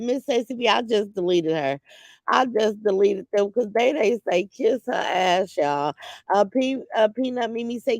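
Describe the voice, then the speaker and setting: Woman, middle-aged, livestream host, gravelly, dry close sound, candid, emotional. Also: medium pitch, no echo. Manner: emotional, candid, swings from grief to loud laughter. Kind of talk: casual livestream chat reading comments.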